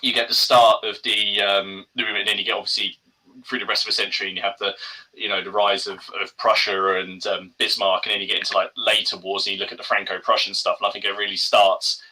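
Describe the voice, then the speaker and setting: A man's voice: lowish voice, flat delivery, fast, pushed and bright, poor audio. A man, co-hosting a casual podcast chat, hesitant with many ums and restarts. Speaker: podcast co-host.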